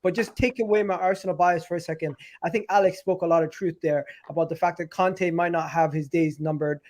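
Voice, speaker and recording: Man, panel host, high voice, brisk, moderating football chat. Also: fairly even intonation, darkish tone. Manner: brisk, steering the discussion. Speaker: host of a football talk show.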